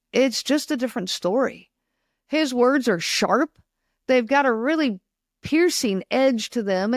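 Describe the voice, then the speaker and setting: A woman's voice: a little high, no echo, clean studio sound. A woman hosting a podcast, telling stories in an earnest, conversational monologue. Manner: earnest, acts out quoted lines in passing. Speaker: podcast host.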